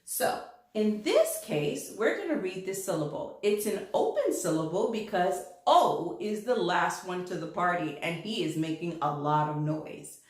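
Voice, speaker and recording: A woman's voice: on the low side, a little slow, heavy reverb. A woman teaching a children's reading lesson, telling it as a story and acting out the letters. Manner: animated storytelling, acts out letters' lines.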